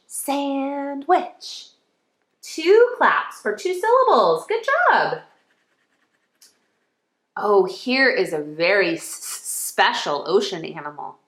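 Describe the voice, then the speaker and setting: A woman's voice: high-pitched, very animated, slow, a bit bright, echoey room. A woman teaching a phonics lesson to young children, cheerful and encouraging, stretching out sounds as she goes. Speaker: kindergarten teacher.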